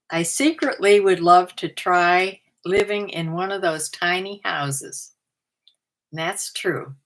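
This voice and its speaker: An older woman, a vlogger and part-time reseller, chats to camera at home while working through a numbered list about herself. Her voice is on the low side and a bit bright, and she often laughs at her own remarks.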